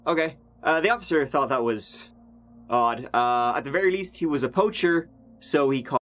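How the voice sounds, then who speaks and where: Telling a true crime story at a moderate pace, this mid-range-voiced man sounds more like he's chatting than reading a script. Fillers and dry asides creep in, but the narrative keeps its momentum.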